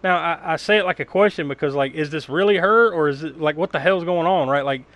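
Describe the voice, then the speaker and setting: A man recaps a film for his podcast co-hosts in a loose, rambling way. He laughs often and swears casually, and his voice sits a little higher than most men's. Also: fairly quick, a bit bright. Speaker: podcast co-host. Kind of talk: casual movie recap chat.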